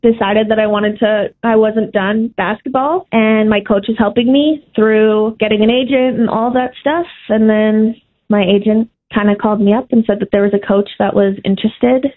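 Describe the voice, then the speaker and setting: A woman's voice: mid-range voice, steady tone, normal speed. A young woman from Canada, a basketball player, giving short, shy, giggly answers in a radio interview. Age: young adult. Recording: tinny phone line.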